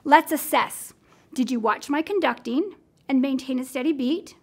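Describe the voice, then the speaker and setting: A middle-aged American woman speaks in a high, clear voice, leading a music lesson. Her manner is patient and encouraging as she explains and demonstrates singing for classroom teachers. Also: moderate pace, darkish tone. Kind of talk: instructional demonstration.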